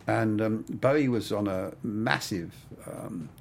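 A low, gravelly older man recalling his work as a cinematographer in an easygoing interview. He rambles, circling back with "I mean" and "you know". A faint hiss sits under the recording. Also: takes it slowly. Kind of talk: casual interview storytelling.

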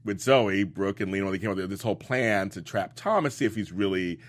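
A man's voice: low-pitched, fast talker. A man co-hosting a casual talk show aftershow, chatty and laughing often. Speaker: co-host. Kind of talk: casual chat.

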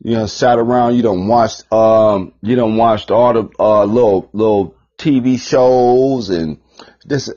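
A man hosting a podcast, ranting in a profane, rambling monologue, repeating himself and swinging between loud bursts and mutters. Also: on the low side, unhurried. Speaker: podcast host. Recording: dull lo-fi podcast recording.

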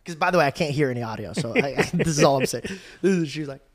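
A man hosting a podcast, telling a story in a casual, animated way, laughing often and acting out scenes. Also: on the high side, rapid-fire. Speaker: podcast host.

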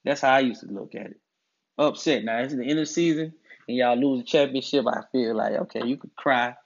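A man's voice: mid-range voice, moderate pace. A man delivering a monologue about masculinity, emphatic and preachy, often repeating his points. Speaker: commentator on masculinity. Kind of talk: direct-to-camera monologue. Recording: dull lo-fi audio.

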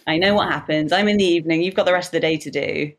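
A woman's voice: low-pitched, rapid-fire. A woman from Southeast England with a Southern English accent, a podcast guest chatting in a playful, teasing way. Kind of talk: casual chat.

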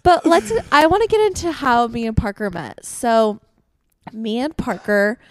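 A woman's voice: a little high, very animated, a little slow, a little hiss or hum. A woman in her twenties from Utah co-hosting a podcast in bubbly, giggly casual chat. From Utah, USA. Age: 20s. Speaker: podcast co-host.

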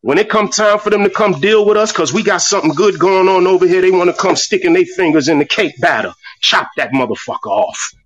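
A man's voice: sits high, fairly quick, few pauses, fairly bright tone, muffled recording. Fiery, profane man ranting. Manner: fiery, profane, repeats words when worked up. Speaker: speaker in an online voice room. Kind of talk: impassioned rant. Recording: distant, breaking-up phone audio.

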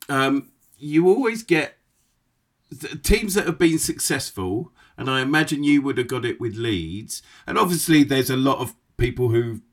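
A man in a mid-pitched voice, co-hosting a relaxed football chat. He muses and works through his ideas as he talks. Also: moderate pace. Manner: musing, theorizing.

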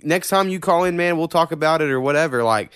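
A man's voice: a little high, fast, fairly bright tone, clear, resonant tone, dry recording, studio quality. A young man from Oklahoma, hosting a podcast in loose, profane, filler-heavy chat. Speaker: podcast host. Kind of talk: casual chat.

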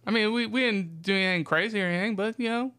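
A man co-hosting a casual podcast, chiming in with quick jokes and questions. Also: high-pitched, sharp tone, clear, resonant tone. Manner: quick joking interjections, chiming in. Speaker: podcast co-host.

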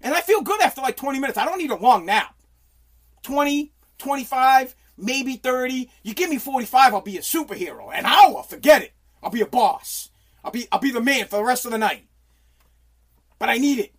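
Profane exasperated dad ranting. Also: male voice, very high voice, expressive, fairly quick. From United States. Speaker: livestream host. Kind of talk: casual livestream rant. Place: hot home basement.

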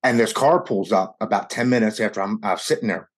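A man in his forties recounting his own story as a guest, his voice sitting on the lower side. He speaks earnestly and with feeling, often stumbling and restarting mid-sentence. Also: brisk. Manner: earnest and emotional, with frequent stammered restarts. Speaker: guest sharing a recovery story. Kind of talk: personal storytelling in conversation.

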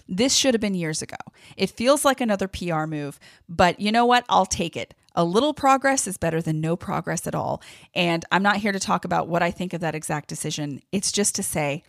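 Furious woman podcast host ranting, low-ish voice, dry close sound. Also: no echo. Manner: angry, emphatic, worked up. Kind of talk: impassioned podcast commentary.

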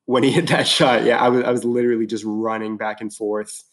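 A man chatting casually as a guest, excited and rambling, full of fillers and restarts. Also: medium pitch, fairly quick. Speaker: podcast guest. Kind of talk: casual chat.

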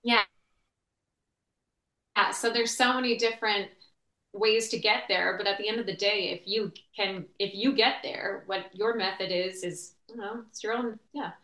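A woman's voice: mid-range voice, fairly even intonation, moderate pace, bright, forceful tone, echoey room. A woman who is an actor, guesting on a podcast and chatting in an encouraging, affirming way. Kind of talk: casual interview chat.

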